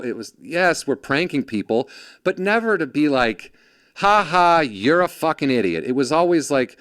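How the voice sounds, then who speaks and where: A man hosts a relaxed chat and tells stories with lots of swoop in his voice, jumping into quoted voices and laughing along. The sound is dry and close, with no room to it. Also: medium pitch, no echo. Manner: animated storyteller, acts out quoted voices, laughs often. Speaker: podcast host. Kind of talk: casual interview chat.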